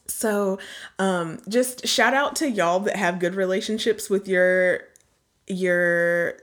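A woman's voice: mid-range voice, slow. A woman co-hosting a podcast in casual, rambling chat, a little congested. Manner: rambling, chatty, often trails off. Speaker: podcast co-host.

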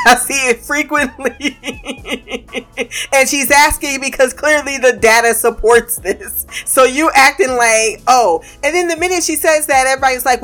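Speaking at a measured pace over soft background music, a high-voiced woman delivers a casual monologue venting about her remote team. She laughs, curses and tells it with animated energy.

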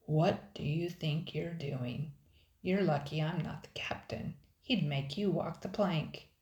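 A woman's voice: low voice, slow, darkish tone, reverberant, rough recording. Jace, a stern burly sailor, read by a woman. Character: burly adult male ship's sailor, stern but kind.

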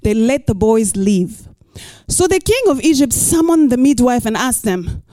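A middle-aged woman pastor preaching a sermon and reading scripture, expressive, with playful asides and rhetorical questions. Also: on the high side, a little slow, no room sound.

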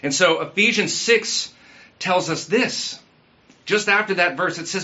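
A man's voice: high voice, unhurried, bright, forceful tone, lo-fi sound. A man preaching a sermon in a conversational way, asking the congregation questions and using everyday fillers. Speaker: pastor.

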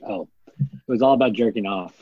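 A man's voice: mid-range voice, lively intonation, fairly quick, creaky, warm tone, slightly rough, dull audio. A man co-hosting a podcast in casual, playful chat, laughing often. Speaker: podcast co-host.

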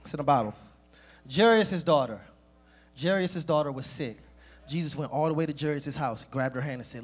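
Male preacher, sermon delivery, very animated pitch, slightly husky, speaks straight to the congregation. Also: moderate pace. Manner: lively, addresses the congregation directly.

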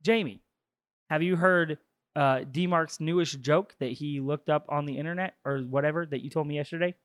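A man's voice: fairly high pitch, normal speed, no echo, studio quality. Teasing, argumentative male co-host. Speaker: podcast co-host. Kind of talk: casual comedy chat.

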